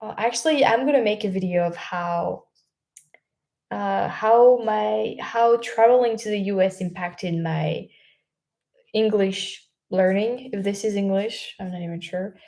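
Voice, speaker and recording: A woman's voice: mid-range voice, measured pace, gravelly, dark tone. A young French woman hosting a casual livestream, reading out viewer comments, chatty and laughing often, with many fillers and restarts. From France.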